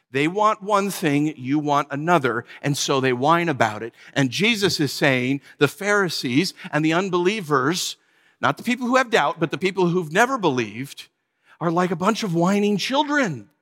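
A man preaching a sermon, animated and acting out whiny voices to make his points. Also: high voice, big-room sound. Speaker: pastor.

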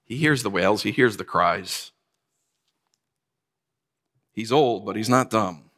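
A man in his forties preaching a sermon, telling personal stories in a conversational way and growing quiet at sad moments. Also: lowish voice, takes it slowly, in a large hall. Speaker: pastor.

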